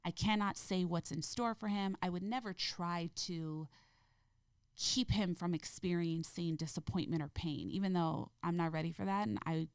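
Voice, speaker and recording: A woman with a low voice and noticeable vocal fry at the ends of her phrases talks gently and from the heart as a podcast guest in a reflective interview. She speaks at a moderate pace. The recording is dry and close-miked, with no room sound at all.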